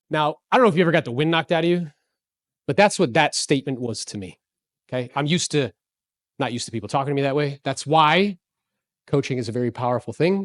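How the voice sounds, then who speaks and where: An upbeat real estate speaker in his forties gives a motivational talk to a live audience, his fairly high voice captured on a dry, close mic with no room sound. Energetic and full of stories, he keeps quizzing the crowd with questions.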